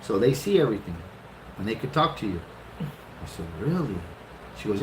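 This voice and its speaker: A man in his fifties tells the story of meeting his wife in a loose, animated way, acting out his own reactions and swearing freely. The room is roomy and echoey, with steady background noise. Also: on the low side, a little slow, long pauses. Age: 50s. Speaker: husband telling how the couple met. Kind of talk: casual storytelling.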